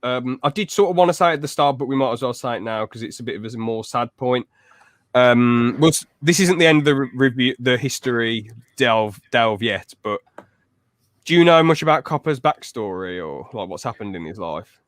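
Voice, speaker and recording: A young man hosting a podcast in casual chat, telling stories lively and acting out quotes. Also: mid-range voice, moderate pace, no echo, studio quality. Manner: lively storyteller who acts out loud quotes. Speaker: podcast host.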